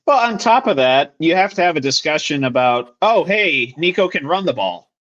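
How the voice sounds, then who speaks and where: A man's voice: on the high side, very animated, moderate pace, fairly bright tone, highs cut off. A young man co-hosting a sports podcast, bluntly breaking down a football game in casual chat. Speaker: podcast co-host.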